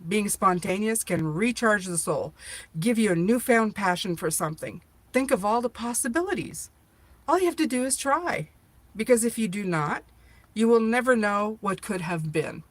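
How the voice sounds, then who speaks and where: A woman's voice: mid-range voice, expressive, normal speed, no echo. A middle-aged woman hosting a live tarot reading, chatty and playful, joking with viewers as she reads the cards aloud.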